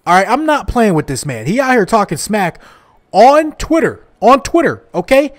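A man playing a wrestling video game and commenting over it, loud, slangy and full of trash talk. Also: sits high, big pitch swings, normal speed. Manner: loud trash-talking, hyped, slangy banter. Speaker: gaming YouTuber.

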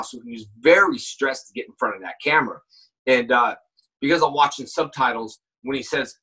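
A man talks through a call in a casual, animated way, breaking into sudden shouts and acted-out lines as he tells his stories. His voice is bright and a little husky, and it sounds set back from the microphone. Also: mid-range voice, fairly quick, recorded from a distance, rough recording. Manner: animated storyteller, acts out shouts and quoted lines. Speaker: guest actor. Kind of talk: casual chat. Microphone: phone call.

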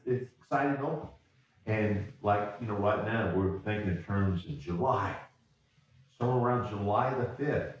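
A man's voice: low-pitched, darkish tone, far from the mic. A man preaching as a pastor in a folksy, repetitive way, often restarting words. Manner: folksy, repeats words, chuckles. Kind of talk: sermon. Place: church sanctuary. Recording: roomy church sound from off-mic.

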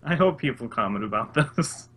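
A man's voice: mid-range voice, animated, moderate pace, fairly bright tone, husky. A young man co-hosting a podcast, joking around casually and laughing often. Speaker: podcast co-host. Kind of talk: casual chat.

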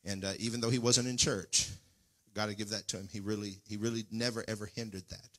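Fervent pastor with a bright voice. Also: male voice, fairly low pitch, steady tone, brisk. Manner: fervent preaching, rising to near-singing cries; folksy, talks straight to the congregation. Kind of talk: Pentecostal sermon. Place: church sanctuary.

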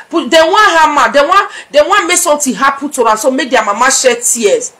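A middle-aged Nigerian woman blogging to her viewers, her voice sitting a little high. She talks in a chatty, scolding way and drifts between Pidgin and English as she lectures. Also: expressive, brisk, few pauses, pushed and bright. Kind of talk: casual vlog commentary.

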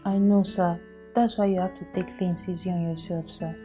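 A man's voice: high voice, little pitch movement, moderate pace, mellow, soft background music, close to an everyday voice. An actor with a Nigerian accent playing a polite household servant who keeps addressing his employer as sir. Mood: respectful. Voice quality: deferential, saying sir. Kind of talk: Nollywood film acting.

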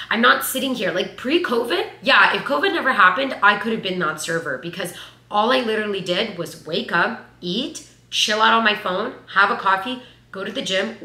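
A woman in her twenties giving casual life advice in a vlog, chatty and animated, with lots of "like". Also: medium pitch. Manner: chatty, animated, says "like" a lot. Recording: echoey room.

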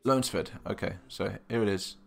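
Low-voiced man thinking aloud. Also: normal speed, a bit bright, faint music behind. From England. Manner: thinks aloud, hesitant, muttering asides. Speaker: live streamer. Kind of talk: casual live-stream chat.

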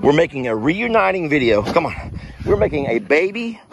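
A man vlogging outdoors by a creek, excitable and often shouting to his animals. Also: a little high, moderate pace, gravelly, background noise. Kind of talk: casual outdoor vlog.

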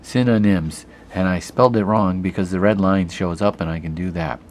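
A man's voice: deep voice, steady tone, normal speed, a little hiss or hum. A man teaching an online grammar lesson, patiently explaining each step while he types. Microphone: computer camera mic.

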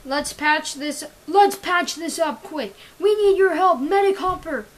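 A woman's voice: sits high, a little slow. A woman voicing a male army general who barks orders at his squad. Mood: urgent. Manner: barking orders.

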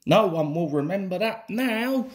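A man's voice: high voice, lively intonation, unhurried. A man voicing a proud, boastful old male steam engine in a storybook reading.

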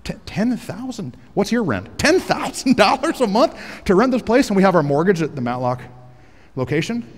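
Preaching a sermon into a headset mic in a big church auditorium, a pastor keeps things energetic and full of jokes, climbing to shouts when he wants emphasis. His male voice sits high, moves at a normal speed, and carries the sound of a large hall.

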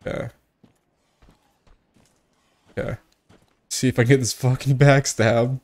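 A man's voice: mid-range voice, little pitch movement, takes it slowly, darkish tone. A young man giving casual, profane gameplay commentary, joking and tipsy from whiskey, with sudden outbursts at the game. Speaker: gaming streamer.

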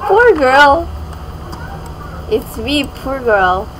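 A woman's voice: high voice, big pitch swings, extremely slow, noisy background. A young woman giving casual gameplay commentary as a gaming YouTuber, rambling and giggly with many fillers.

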